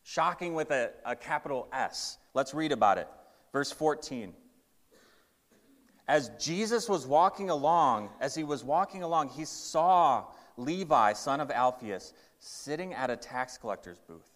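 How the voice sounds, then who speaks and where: A man's voice: fairly high pitch, expressive, a little slow, fairly bright tone. A male pastor preaching a sermon with emphatic storytelling and a shifting pace. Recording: reverberant hall.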